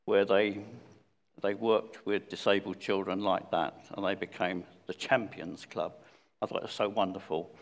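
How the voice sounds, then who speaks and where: A low-pitched man preaches a sermon in a conversational, unpolished way, pausing and restarting as he goes. His voice rings out with a long reverb through a church hall. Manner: conversational, with hesitant fillers and restarts.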